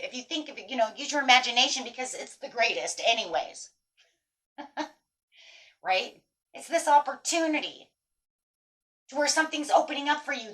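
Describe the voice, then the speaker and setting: Animated woman giving a tarot reading. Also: high-pitched. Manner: animated, emphatic, swears casually, talks straight to viewers. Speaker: tarot reader. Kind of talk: casual tarot reading monologue.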